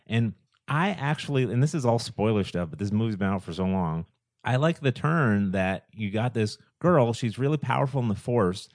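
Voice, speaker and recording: Animated man rambling about movies. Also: fairly low pitch, moderate pace, no room sound, studio quality. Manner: animated, rambling with restarts and rhetorical questions. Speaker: podcast co-host. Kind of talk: casual film discussion.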